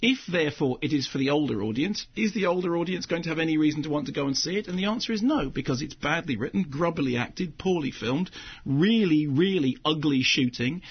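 A man's voice: on the high side, expressive, brisk, few pauses, husky, dull audio. A man reviewing films on the radio, wry and opinionated, with cutting verdicts. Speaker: film critic.

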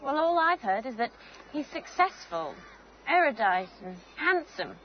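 A teasing young schemer, with a high, light voice. The sound is a dull, slightly hissy film soundtrack heard from a distance. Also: female voice, sing-song, unhurried.

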